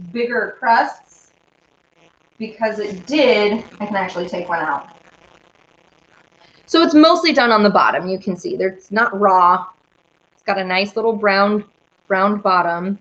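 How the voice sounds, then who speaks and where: A woman's voice: mid-range voice, a little slow, pauses often, fairly bright tone. A young woman chatting casually with viewers while she bakes, rambling and giggly. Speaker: live-stream baking host. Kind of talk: casual chat while baking. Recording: roomy, slightly dull sound.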